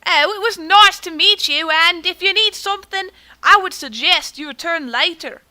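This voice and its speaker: Woman putting on a hammy posh gentleman. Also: very high-pitched, moderate pace, pitched above the performer's own voice, exaggerated voice. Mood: jolly. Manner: hammy put-on British accent that drifts. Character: pompous posh aristocratic gentleman.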